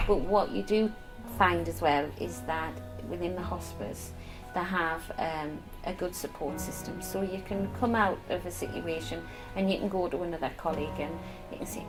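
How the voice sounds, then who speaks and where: A woman's voice: on the low side, moderate pace, hardly any pauses, over music, poor audio. A middle-aged woman, a palliative care nurse talking candidly about her work in a documentary interview. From Northeast England. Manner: warm, candid, emotional at times. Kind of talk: documentary interview, personal storytelling.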